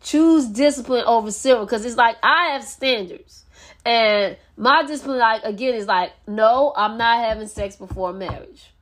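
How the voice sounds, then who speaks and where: A woman hosts a faith podcast and works through scripture in a casual teaching style. Her voice sits a little high. She is earnest and preachy, often repeating a line to drive it home. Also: normal speed. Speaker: podcast host.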